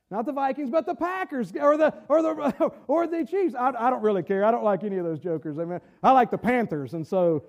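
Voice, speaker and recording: A man, preaching a fervent sermon with halting restarts and shouted bursts. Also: extremely high pitch, expressive, vocal fry, dull audio. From Southern United States. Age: 40s. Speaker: pastor.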